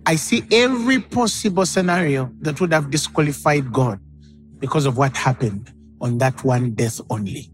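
Preaching man, dramatic and animated. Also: fairly high pitch, moderate pace, faint music behind. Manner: dramatic, acts out quoted voices. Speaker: pastor. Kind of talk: sermon.

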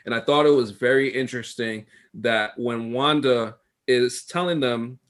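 A man's voice: medium pitch, normal speed, a bit bright. A man co-hosting a podcast in casual chat, thinking aloud as he goes. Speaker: podcast co-host.

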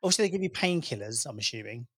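A man's voice: mid-range voice, sing-song, very fast, fairly bright tone, slightly rough, no echo, clean studio sound. A British man co-hosting a casual podcast, teasing his friend with easy banter. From Britain. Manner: teasing, banter, calls people mate. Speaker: podcast co-host. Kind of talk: casual chat.

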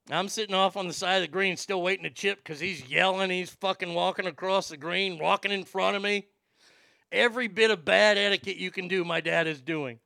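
A man casually telling a profane, animated anecdote and often laughing as he talks. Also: fairly high pitch, creaky, no echo, studio quality.

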